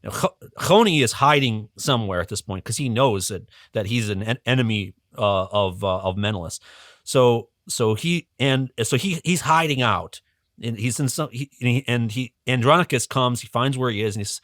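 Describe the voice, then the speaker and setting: Animated storytelling man, dry close sound. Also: mid-range voice, moderate pace, no echo. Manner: animated, chuckling, many restarts. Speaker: guest educator. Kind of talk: casual storytelling on a podcast.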